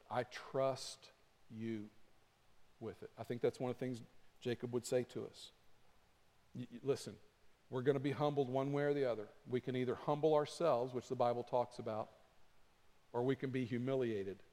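A man preaching a sermon as pastor, earnest, dropping to a soft low voice when he prays. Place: church sanctuary. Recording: long hall reverb.

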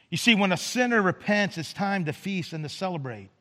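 A man's voice: high voice, animated, brisk, few pauses, a bit bright, big-room sound. A male pastor preaching a sermon in a casual, conversational way, often repeating words and asking "right?". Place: church sanctuary.

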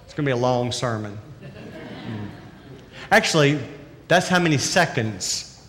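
A man's voice: mid-range voice, lively intonation, unhurried, long pauses, fairly bright tone. A man preaching a sermon as a pastor, in a conversational and emphatic way with rhetorical questions. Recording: reverberant hall.

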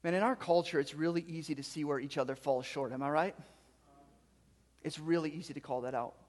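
A man with a high voice delivers a sermon, moving from scripture reading into explanation. He drives his points home through repeated, emphatic phrases. His voice carries a long reverberant tail, as in a large hall. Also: a little fast, a little mellow. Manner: reads scripture then preaches with rising emphatic repetition. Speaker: pastor.

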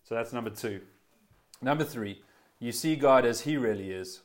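Male pastor mid-sermon, earnest and talky, stumbles and restarts, medium pitch. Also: normal speed. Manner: earnest, conversational preaching with restarts; voice swells then drops to quiet emphasis.

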